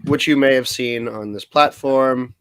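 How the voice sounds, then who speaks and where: A man's voice: medium pitch, moderate pace, smooth, no room sound. A man co-hosting a casual talk show about local politics, rambling and trailing off mid-sentence. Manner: rambling, trails off, eats while talking. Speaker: podcast co-host.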